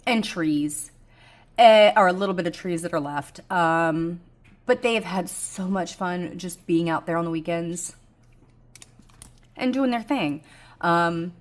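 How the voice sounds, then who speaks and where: Rambling woman, low-voiced budget chat. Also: slow. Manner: rambling, frank, self-deprecating, with many ums. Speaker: budgeting vlogger. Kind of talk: casual chat to camera.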